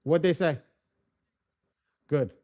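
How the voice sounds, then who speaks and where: A man hosting a live training class, telling stories in a casual, animated way, swearing freely and often restarting his sentences. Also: on the high side, slow. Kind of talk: casual live-stream storytelling.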